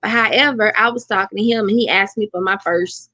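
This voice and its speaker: A woman co-hosting a casual chat, telling stories in an animated way with lots of exclamations. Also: medium pitch, a little fast, no echo. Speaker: co-host.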